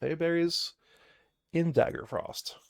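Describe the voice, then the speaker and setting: A man's voice: fairly high pitch, slow pace, vocal fry, no room sound, studio quality. A man narrating a solo tabletop game on a live stream, reading game text aloud and chatting to himself as he plays.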